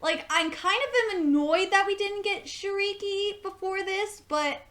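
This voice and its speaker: A woman's voice: very high voice, measured pace, a bit bright. A young woman reviewing an anime episode in casual chat, gushing and swearing a lot, often restarting her sentences.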